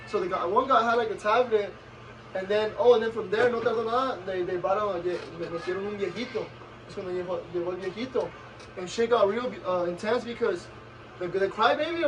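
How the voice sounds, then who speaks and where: Brief: high, quick male vlogger, mixes English and Spanish, slightly distant mic. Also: slight background noise. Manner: code-switching between English and Spanish, lively retelling with acted quotes. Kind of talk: casual storytelling chat.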